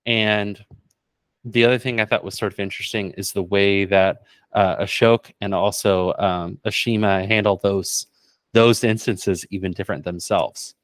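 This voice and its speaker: A man co-hosting a casual film discussion, giving thoughtful, measured observations. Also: lowish voice, clear, resonant tone, no room sound. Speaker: co-host, film reviewer.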